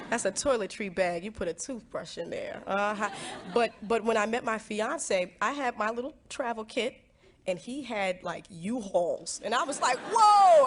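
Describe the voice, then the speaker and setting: A woman speaking reflectively in an interview clip, often halting and repeating words. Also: medium pitch. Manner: halting, repeats words, lively when quoting herself. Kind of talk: reflective personal talk.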